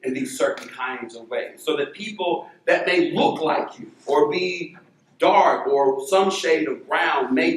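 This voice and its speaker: A man moderating a university panel, telling family stories in an animated way before putting a question to a panelist. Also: mid-range voice, roomy sound, rough recording. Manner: animated, acts out quoted voices. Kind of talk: storytelling then posing a question. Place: lecture hall.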